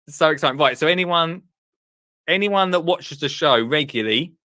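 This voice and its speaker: A young man hosts a live show in an excitable, breathless rush, restarting his sentences. His voice sounds dry and close, with no room around it. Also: medium pitch, no echo. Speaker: host. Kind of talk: excited live-stream chat.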